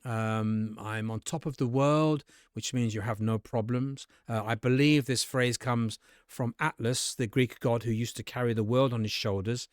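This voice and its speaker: A man teaching English to camera in a casual, conversational way, sometimes jumping his voice up high to act out sample dialogues. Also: steady tone, normal speed, no echo, studio quality. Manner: conversational, acts out sample dialogues with bright jumps in pitch. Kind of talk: casual spoken lesson to camera.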